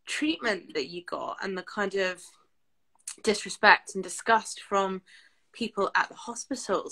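A woman's voice: mid-range voice, pushed and bright. A woman hosting a live video chat, asking questions in a friendly, hesitant way with many fillers. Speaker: host.

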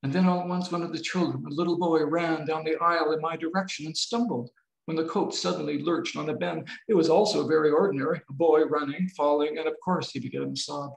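A novelist reading his novel aloud in a measured, expressive way over a video call. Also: on the high side, creaky. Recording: roomy video-call audio.

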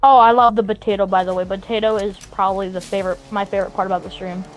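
A woman's voice: mid-range voice, steady tone, very fast, faint music behind, low-quality recording. A woman chatting casually and rambling with jokes in a gaming voice chat. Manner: giggly, rambling, jokey. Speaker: stream guest.

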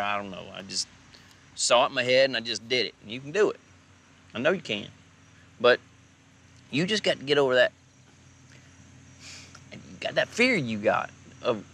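A folksy dad. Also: male voice, medium pitch, bright, forceful tone. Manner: folksy, coaxing pep talk. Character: gentle, encouraging working-class Southern dad. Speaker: father. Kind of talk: film drama acting.

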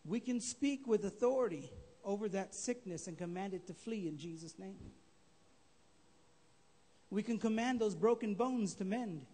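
A man preaching a sermon as pastor, emphatic and rising to shouts. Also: high-pitched. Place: church sanctuary. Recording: live stream in a reverberant church hall.

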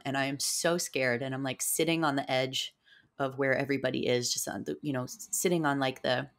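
A woman guest on a podcast, telling a personal story in a rambling way with many fillers. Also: low-pitched. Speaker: podcast guest, psychedelic guide. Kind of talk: casual storytelling interview.

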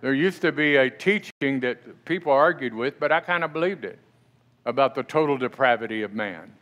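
A man's voice: medium pitch, lively intonation, normal speed, a bit bright. A middle-aged male pastor preaching a sermon in a church, talking conversationally and often asking the congregation questions. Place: church sanctuary.

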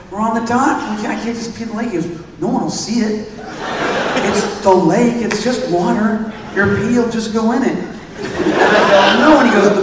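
A man's voice: high voice, noisy background. A man co-hosting a live convention panel, telling anecdotes and acting out what people said. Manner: animated anecdote-telling, acts out quotes. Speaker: podcast co-host on stage. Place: large convention hall stage. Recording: echoey hall recorded from far off.

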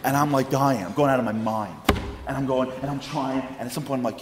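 A man with a New York accent telling a lively comic story in a public lecture. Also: medium pitch, a little fast, echoey room, long reverb tail, slight background noise. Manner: animated, comic storytelling with acted-out quotes. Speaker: public speaker. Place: large congregation hall with audience.

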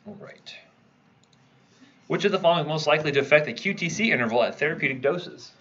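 A man's voice: a little high, animated, fast talker, fairly bright tone, breathy edge, dull audio. A man teaching a pharmacology review class, quizzing students and checking in with "right?" as he goes. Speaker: pharmacology instructor. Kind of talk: review lecture.

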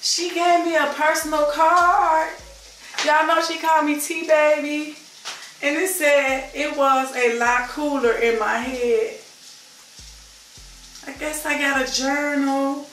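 Fifties woman vlogger with a Chicago accent, high bright voice, effusive and chatty, recorded from off-mic in an echoey room. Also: steady tone, slow pace, distant mic, soft background music. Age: 50s. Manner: effusive, chatty, keeps saying y'all. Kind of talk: casual chat to camera.

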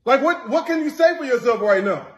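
A man's voice: very high voice, animated, a little fast. A man in an acted skit confronting his partner, hurt and pleading, repeating himself. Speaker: boyfriend in a skit clip. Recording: echoey room.

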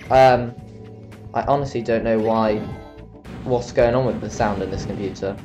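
A man's voice: on the low side, fairly even intonation, moderate pace, darkish tone, lo-fi sound, faint music behind. A tired young man giving rambling, self-mocking commentary while playing a video game. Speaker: let's play commentator. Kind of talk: casual gameplay commentary.

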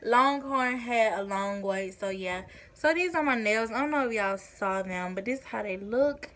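A woman's voice: fairly high pitch, expressive, moderate pace, a bit bright. A young woman, vlogging casually to her phone, chatty and a bit out of breath. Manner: chatty, addresses viewers as y'all. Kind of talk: casual vlog talk to camera.

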